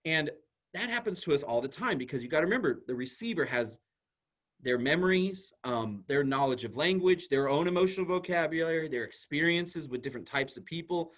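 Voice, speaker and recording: A man, a school psychologist, giving an animated presentation to an audience and explaining ideas through everyday examples. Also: fairly high pitch, fairly quick.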